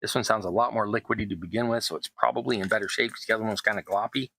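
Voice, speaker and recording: A man's voice: lowish voice, steady tone, racing, vocal fry, noisy background. A middle-aged man, chatting casually as he builds tabletop terrain, rambling and poking fun at himself. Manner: chatty, self-deprecating, rambling asides. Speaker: terrain crafting YouTuber. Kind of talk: casual crafting narration.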